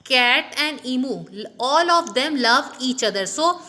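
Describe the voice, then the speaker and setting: High-voiced woman teaching grammar. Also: animated, measured pace, sharp tone. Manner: explanatory, repeats "okay" often, many restarts. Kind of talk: classroom grammar lesson.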